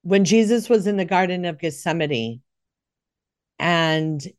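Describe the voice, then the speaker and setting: A woman's voice: on the low side, unhurried, no room sound, clean studio sound. A middle-aged woman hosting a podcast, telling a personal faith story in a rambling, emotional way with many self-corrections. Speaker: podcast host, nurse.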